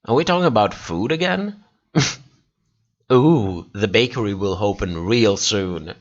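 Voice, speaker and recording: A man's voice: fairly low pitch, expressive, measured pace, highs cut off. A tired man hosting a livestream, casually chatting and reacting to viewers' comments while laughing often. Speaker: livestream host. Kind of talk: casual chat reading live comments.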